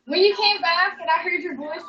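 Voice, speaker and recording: A woman's voice: very high-pitched, fairly quick, pushed and bright. A young woman chatting casually on a livestream, rambling, joking and swearing freely. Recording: echoey room, distant mic, dull sound.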